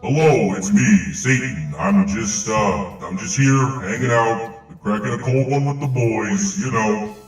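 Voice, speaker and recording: Brief: a man doing a booming male demon, slow and gravelly, pitched way down by a voice filter, drenched in echoey reverb from afar. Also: soft background music. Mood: casual. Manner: slow, drawn-out, gravelly delivery. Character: menacing male demon Satan, booming and casual. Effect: deep demon voice-changer filter with echo. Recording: heavy echoey reverb, distant.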